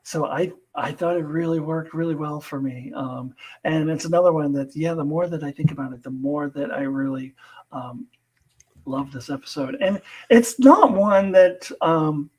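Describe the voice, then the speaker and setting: Upbeat chatty man, a little high. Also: normal speed, a little mellow, slightly rough, low-quality recording. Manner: enthusiastic, laughs often, restarts sentences. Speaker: co-host of a TV discussion. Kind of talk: casual chat reviewing a TV episode.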